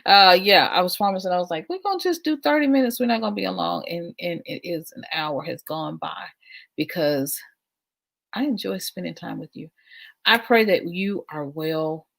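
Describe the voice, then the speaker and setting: Low gravelly middle-aged woman livestreaming. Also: moderate pace. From United States. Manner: warm, affirming, repeats phrases, laughs often. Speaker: livestream host. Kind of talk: casual livestream chat.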